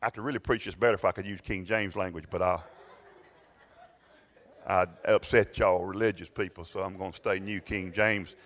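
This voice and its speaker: A man's voice: deep voice, steady tone, normal speed, fairly bright tone. A man preaching a sermon as pastor, retelling a story and acting out its voices. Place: church sanctuary. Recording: long reverb in a church hall.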